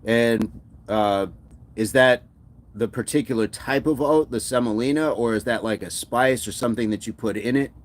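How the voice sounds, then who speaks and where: A man's voice: mid-range voice, moderate pace. A man hosting a casual live stream, upbeat and laughing often as he reads out viewer comments. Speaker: fitness streamer.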